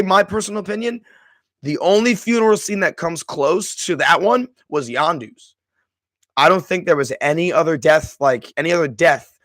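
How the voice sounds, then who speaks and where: A man's slightly bright voice sits on the high side, recorded with no room sound. He hosts a live stream and discusses a movie with chat, emotional and effusive, frequently starting over mid-sentence.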